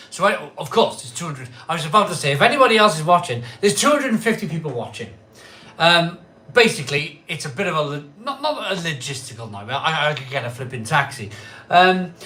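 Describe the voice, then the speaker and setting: A tipsy man hosts a live craft beer stream, his voice a little high. After a pint or two, his casual chat is talkative and rambling, full of repetition and loud, cheery greetings.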